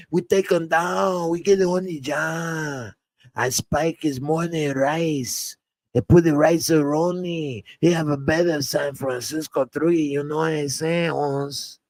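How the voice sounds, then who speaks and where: A man's voice: fairly high pitch, darkish tone, no echo. A pushy street-gang sidekick, put on by a man in a slightly raised voice, firing off clipped slang. He sounds tough and impatient. The sound is close and dry. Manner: clipped street slang, calls people homes.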